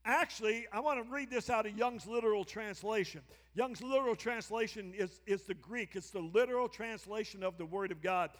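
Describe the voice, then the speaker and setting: High-voiced preacher in a reverberant hall. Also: male voice, moderate pace, few pauses. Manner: emphatic preaching with repeated call-and-response prompts. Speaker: pastor. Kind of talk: sermon. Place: church sanctuary.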